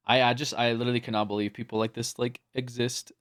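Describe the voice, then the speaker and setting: A man streams from home, casually talking to his chat at a quick pace in a medium-pitched voice with little pitch movement. He swears freely and laughs a lot, but turns to a gentle hushed coo whenever he calls his cat.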